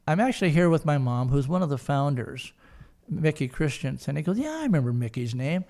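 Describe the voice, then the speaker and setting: An older man tells a story at an easy, rambling pace, full of ums and restarts. His voice sits a bit higher than most men's. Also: expressive, fast talker, gravelly, darkish tone. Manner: rambling anecdotal storytelling with many fillers. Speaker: guest, son of the founders. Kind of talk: storytelling interview.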